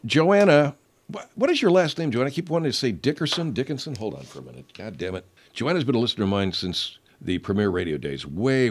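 A middle-aged man hosting a podcast, rambling and profane, clearing his throat often. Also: lowish voice. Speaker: podcast host. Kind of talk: casual comedic monologue.

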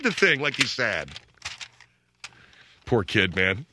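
A middle-aged man hosting a radio call-in show, telling stories in an animated, rambling way from a studio. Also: mid-range voice, slow pace, background noise. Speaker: radio talk show host.

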